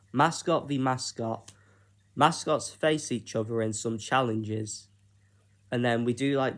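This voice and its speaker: Slow-talking British man pitching ideas. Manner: unhurried, hesitant, with frequent fillers. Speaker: YouTuber. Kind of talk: casual solo vlog pitching ideas.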